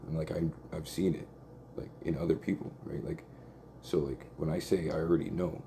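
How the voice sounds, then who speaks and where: A low-pitched man rants angrily and profanely, filling every sentence with "like" and "right?". His voice is deep and gravelly, with a very dark, mellow tone. Faint background noise sits under his voice. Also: flat delivery, quick pace. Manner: agitated, profane, repeats "like" and "right?". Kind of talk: rambling angry monologue.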